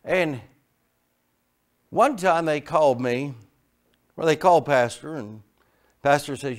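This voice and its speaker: A middle-aged man preaching a sermon, telling folksy stories and moving between quiet asides and loud emphasis. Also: fairly high pitch, animated, slow pace, pauses often. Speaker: pastor. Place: church sanctuary.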